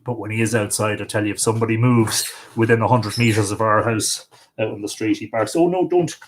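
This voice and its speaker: A man's voice: on the low side, little pitch movement, fairly quick, a little hiss or hum. A middle-aged Irish man hosting a casual livestream from home, talking in a rambling, chatty way. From Ireland. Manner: rambling, chatty, coaxing his dog in a sing-song voice. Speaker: livestream host.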